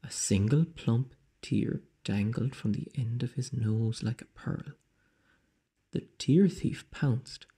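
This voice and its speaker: Man reading a kids story real slow, gravelly dark voice, keeps whispering bits. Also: medium pitch. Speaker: teacher reading aloud. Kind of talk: storybook read-aloud.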